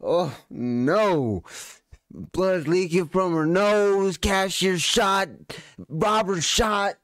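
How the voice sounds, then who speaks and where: A music reaction host who talks in excited exclamations. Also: mid-range voice, drawn-out words, no echo, studio quality.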